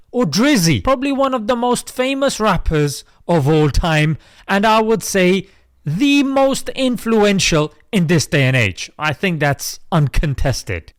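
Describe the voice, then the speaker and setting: This British man hosts an opinion commentary vlog, sounding preachy and chatty as he calls his viewers "mate." His voice sits high, and the recording is dry with a clean studio sound.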